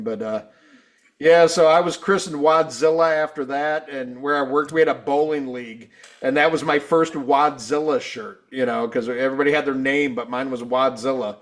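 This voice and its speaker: A man co-hosting a podcast, telling rambling, profane stories in casual chat and acting out quotes loudly. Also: medium pitch. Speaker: podcast co-host.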